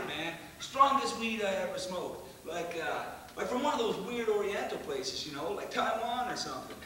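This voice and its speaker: A man's voice: high voice, sharp tone, a little hiss or hum, heavily acted. A man playing a rowdy young stoner storyteller. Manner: rambling, crude, laughing, full of "man". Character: rowdy young male stoner bragging about a wild ride. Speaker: stage actor in a one-man show. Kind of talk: theatrical monologue. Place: theatre stage. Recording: echoey stage from far off.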